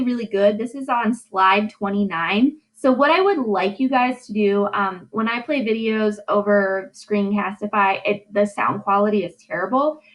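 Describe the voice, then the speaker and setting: A woman teaching a recorded high school English lesson, chatty, checking in often with "okay" and "right". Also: fairly bright tone, poor audio. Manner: sounds out stress patterns aloud.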